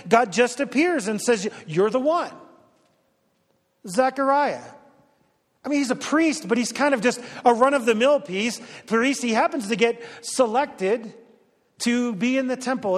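A man's voice: extremely high pitch, long reverb tail. A middle-aged male pastor giving a conversational, storytelling sermon with dry humor.

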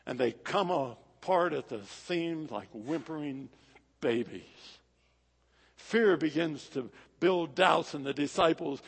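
Brief: male preacher, high voice, dramatic rhythmic sermon, long hall echo. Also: lively intonation, measured pace. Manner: dramatic, rhythmic delivery swinging from loud to hushed. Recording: echoey hall.

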